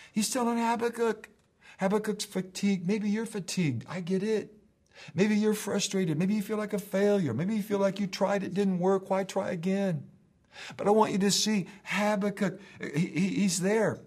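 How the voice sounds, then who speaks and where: A man's voice: sits high, steady tone, moderate pace, a little mellow. A middle-aged man preaching a sermon as pastor in his church, emphatic, with repeated phrases that build to rising calls.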